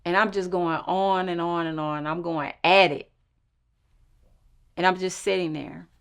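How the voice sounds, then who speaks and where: A woman's voice: lowish voice, a bit bright. A woman telling her own story with intense emotion, acting out the dialogue. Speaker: storyteller recounting her own court case. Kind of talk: personal storytelling.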